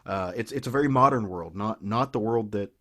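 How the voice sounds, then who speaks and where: A podcast co-host with a Southern US accent eagerly retells a comic book story, rambling casually and restarting again and again. His voice is on the low side and fairly bright, and he talks fairly quickly.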